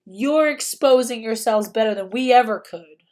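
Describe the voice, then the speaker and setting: A woman's voice: on the high side, moderate pace, background noise. A young woman hosting a livestream, talking casually and emphatically and often repeating herself. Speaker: livestream host.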